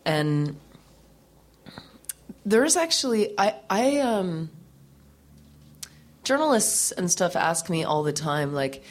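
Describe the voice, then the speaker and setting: A woman's voice: fairly low pitch, slow pace, long pauses. A woman musician as an interview guest, telling a candid story from her teens with frequent laughs, casual swearing and lots of fillers. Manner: animated, laughing often, swearing freely, many fillers.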